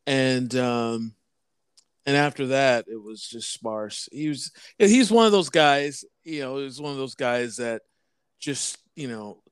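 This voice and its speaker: A man's voice: medium pitch, a little slow, clean tone, no echo, studio quality. A man co-hosting a casual chat, laid-back, laughing often and joking dryly.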